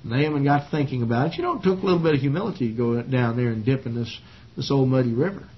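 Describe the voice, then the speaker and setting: A man leads a Bible study in a relaxed, conversational voice of ordinary pitch. He retells the story in a folksy way, full of uhs and you-knows. The recording sounds slightly muffled and old. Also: quick pace. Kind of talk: casual Bible study teaching.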